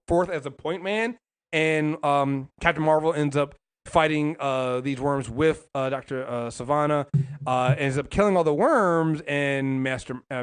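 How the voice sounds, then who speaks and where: A man's voice: a little high, smooth. A man co-hosting a casual podcast, talking in long rambling runs with many restarts and some swearing. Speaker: podcast co-host. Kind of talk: casual comics podcast chat.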